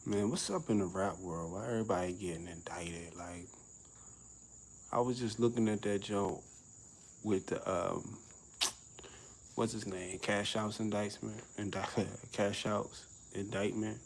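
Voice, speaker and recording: A man's voice: low voice, unhurried, pauses often, a little mellow, a little hiss or hum, rough recording. A middle-aged man vlogging outdoors on a summer evening, talking in a laid-back, slangy way and laughing often. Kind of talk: casual outdoor vlog rant.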